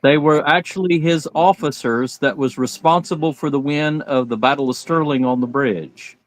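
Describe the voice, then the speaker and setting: An earnest man chatting as a guest about clans and ancestry, his voice slightly higher than most men's. The sound is dry and close. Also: moderate pace, no room sound, poor audio. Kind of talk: casual chat.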